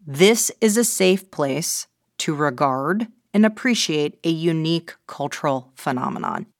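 A woman's voice: low-pitched, expressive, a little slow, no room sound, clean studio sound. A woman hosting a video essay in a playful, wry and theatrical scripted narration.

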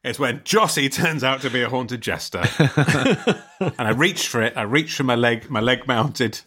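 A man's voice: mid-range voice, unhurried, sharp tone, husky. A man co-hosting a podcast over a video call, telling a story in a rambling, giggly way with many restarts. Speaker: podcast co-host. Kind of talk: casual comedic chat.

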